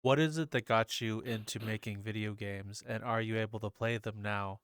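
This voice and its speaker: Curious podcast host asking questions. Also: male voice, on the low side, steady tone, normal speed, fairly bright tone, smooth, no room sound, clean studio sound. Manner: curious, asks long layered questions, laughs easily. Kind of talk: casual podcast interview.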